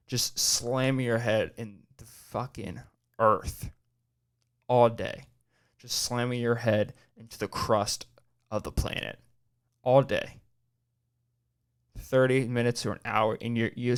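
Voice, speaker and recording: A man in his twenties rambles through childhood memories as a podcast host, at an ordinary middle pitch. His talk is casual and laid-back, full of swearing. He leans on man and dude as he goes. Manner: rambling, profane storytelling. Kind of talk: casual chat.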